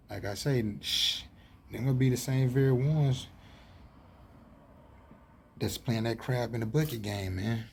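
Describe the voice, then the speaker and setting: Man, Atlanta Southern accent, gravelly voice, dark tone, rambling street talk, faint background hiss. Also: on the low side. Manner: rambling, heavy fillers, preachy and heated. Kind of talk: casual street talk monologue.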